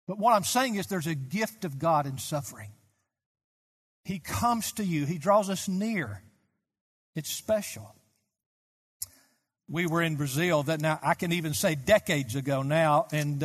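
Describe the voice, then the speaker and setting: High-voiced preacher man in a reverberant church. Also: breathy edge. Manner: impassioned preaching, swings from soft to loud. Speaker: pastor. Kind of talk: sermon.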